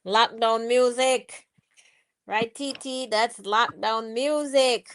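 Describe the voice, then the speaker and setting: A woman's voice: on the high side, steady tone, slow pace. A woman hosting a casual live stream, chatting with viewers, reading their comments aloud and cheering them on. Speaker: livestream host.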